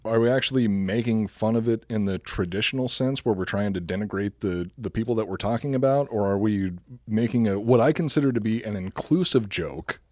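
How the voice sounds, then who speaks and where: A man's voice: on the low side, brisk, hardly any pauses, darkish tone, no echo, studio quality. A man hosting a podcast, telling history in casual, blunt, profane chat. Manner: blunt, profane, laughs at his own jokes. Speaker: podcast host.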